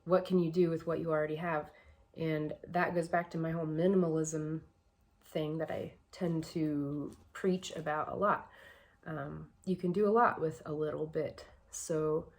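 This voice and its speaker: A woman vlogger giving casual personal advice, reflective and a bit emotional, with a shaky voice and many fillers. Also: low-pitched.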